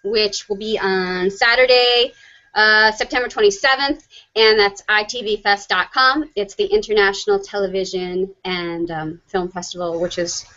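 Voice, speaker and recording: A woman hosting a live online show, chatting casually and rushing through announcements. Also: mid-range voice, steady tone, sharp tone. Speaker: host. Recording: dull lo-fi sound.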